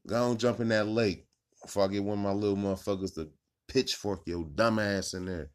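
A mocking, drawling Satan, put on by a man in close to his own low voice. He taunts in a lazy, amused tone. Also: fairly even intonation, brisk, clean tone, close to an everyday voice. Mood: taunting.

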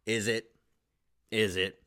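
A young male comedian ranting in a casual vlog, swearing often and jumping to loud, high peaks. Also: flat delivery, slow. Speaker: stand-up comedian.

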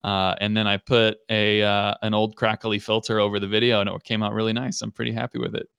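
A young man co-hosting a casual podcast, chatting and reading news articles aloud in a relaxed way. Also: fairly low pitch, fairly quick, creaky, clear, resonant tone, no echo. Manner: relaxed, laid-back, reads articles aloud. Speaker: podcast co-host.

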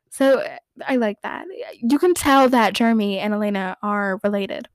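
A woman's voice: a little high, moderate pace, dry recording. A woman hosting a podcast in casual fan recap chat, rambling, giggly and playfully opinionated. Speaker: podcast host.

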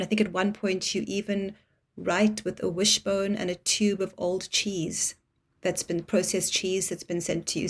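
A woman hosting an interview, speaking in a measured, thoughtful way and building long reflective questions for her guest. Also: lowish voice, gravelly, slightly rough. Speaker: podcast host interviewing a guest.

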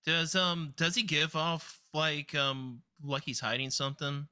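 A man's voice: a little high, level tone, measured pace, pushed and bright, smooth. A man playing in a tabletop game, speaking hesitantly with many fillers. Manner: hesitant, full of ums. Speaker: player. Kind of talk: casual tabletop role-play.

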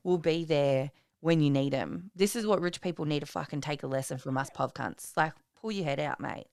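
Aussie woman cohost, swears constantly, smooth voice, dry close sound. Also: low-pitched, normal speed, a little mellow, no echo. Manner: crude, blunt, swears a lot. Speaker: podcast co-host. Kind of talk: casual chat.

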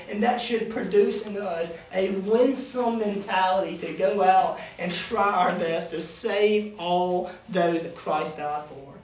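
A man teaching a youth Bible study in a casual, conversational way, often asking the class questions. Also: high-pitched. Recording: echoey room, distant mic, faint noise.

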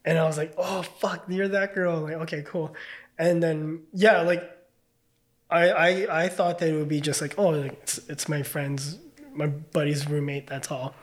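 A man's voice: a little high, steady tone, moderate pace. A man casually telling a story as a podcast guest, loose and chatty, full of fillers and swearing.

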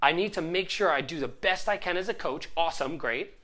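A life coach giving a casual, animated motivational talk, often checking in with "right?". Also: medium pitch, fairly quick.

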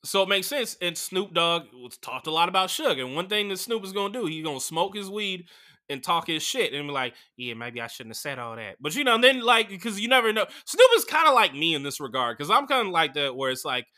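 A young adult man hosting a comedy podcast, telling crude stories in a loose, animated way full of fillers. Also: high voice, fairly quick. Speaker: podcast host. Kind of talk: casual comedic storytelling.

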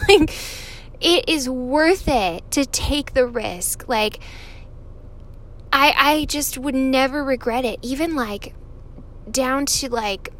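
A woman's voice: sits high, a little hiss or hum. A woman in her thirties from California, telling a personal story to viewers in a chatty way, swearing freely and laughing often.

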